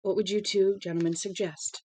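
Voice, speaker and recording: A woman's voice: medium pitch, fairly even intonation, normal speed, darkish tone, no room sound, lightly acted. A woman reading aloud voicing an older man who sounds upset and scared. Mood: worried. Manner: anxious.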